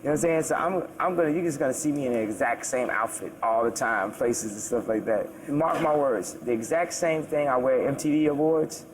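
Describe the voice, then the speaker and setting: A man's voice: mid-range voice, fairly quick, hardly any pauses, a little hiss or hum, rough recording. A man answering interview questions in a loose, rambling way, restarting sentences and throwing in asides. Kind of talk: casual interview chat.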